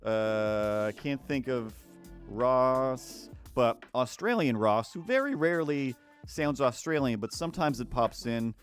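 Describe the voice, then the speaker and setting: A man's voice: medium pitch, animated, unhurried, clean tone, soft background music. A man who is a cartoonist, chatting casually on a live stream while he draws. He rambles, uses many fillers, and laughs at his own jokes.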